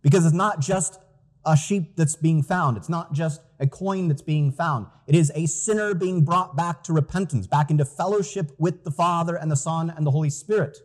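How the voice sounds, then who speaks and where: A man's voice: a little high, moderate pace. A man preaching a sermon as pastor, earnest and emphatic, reading out scripture quotes.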